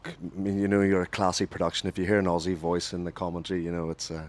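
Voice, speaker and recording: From a commentary booth, a man leads a radio cricket broadcast, calling each ball with energy and correcting himself along the way. His voice is low-pitched and his delivery fast.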